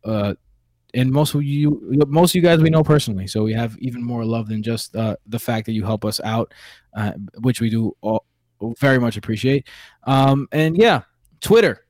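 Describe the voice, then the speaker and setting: A man with a New York accent hosting a podcast in casual chat, telling stories with a joking, animated manner. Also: medium pitch, normal speed, no room sound, studio quality. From New York City. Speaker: podcast host.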